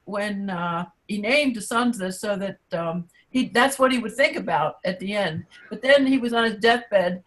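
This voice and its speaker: A woman's voice: medium pitch, moderate pace, few pauses, low-quality recording. A woman taking part in a spiritual discussion on a video call, telling a story in an amused way. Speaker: participant.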